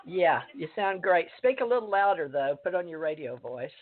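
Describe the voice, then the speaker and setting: A woman hosting a radio show, talking in a rambling, hesitant way with many pauses. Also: fairly low pitch, lively intonation. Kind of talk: casual radio talk. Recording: tinny phone line.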